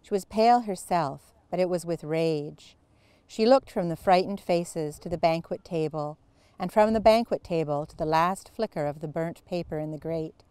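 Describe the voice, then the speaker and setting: A woman, a writer and lecturer, reading a classic novel aloud in a measured, expressive way. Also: fairly low pitch, clean tone, dry recording. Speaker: author and creative writing lecturer.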